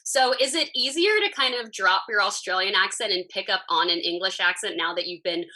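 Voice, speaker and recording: A young woman with a bright, forward voice interviews two actors. She is enthusiastic and generous with praise, and her pitch sits in a middle range. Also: fairly quick, rough recording. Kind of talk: friendly entertainment interview.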